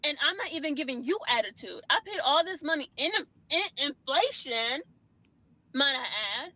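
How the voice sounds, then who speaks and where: A woman's voice: high voice, lively intonation, bright, forceful tone, no room sound, rough recording. A young woman telling an exasperated storytime rant about a bad salon visit, casual and full of fillers. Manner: exasperated, quick with many fillers. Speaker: storyteller in a clip.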